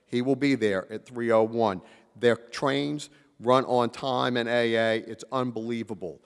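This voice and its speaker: Guy telling stories at a convention, acts out all the voices, booming hall echo. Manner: animated storyteller, acts out quotes, drawls "y'all". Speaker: convention panel speaker. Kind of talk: storytelling talk to a live audience.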